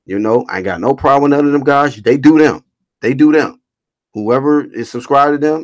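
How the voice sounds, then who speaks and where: Hosting a casual boxing livestream, a man with a mid-range voice and moderate pace reads chat comments out loud and fires back in a blunt, animated rant full of slang and swearing.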